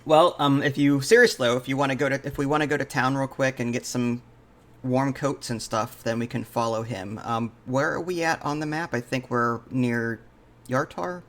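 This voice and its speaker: A man's voice: medium pitch, fairly even intonation, normal speed, fairly bright tone. A man playing a tabletop role-playing game in casual chat, polite and thoughtful, often hesitating with "um" and answering "I see". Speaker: player.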